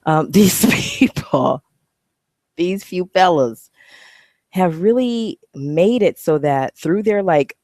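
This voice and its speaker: A woman's voice: lowish voice, animated, takes it slowly, darkish tone, dry recording, studio quality. A woman vlogging to camera, talking bluntly and animatedly, swearing freely. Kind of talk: casual talking-head vlog.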